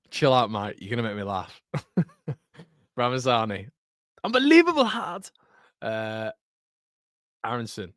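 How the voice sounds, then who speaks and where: A man's voice: on the low side, takes it slowly, pauses often, no room sound, clean studio sound. A young man hosting a live football watchalong, chatty and casual, who keeps breaking into giggles. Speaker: host.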